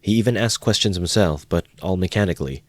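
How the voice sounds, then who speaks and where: A man narrating a classic novel in a measured amateur audiobook reading. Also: low voice, no echo, clean studio sound.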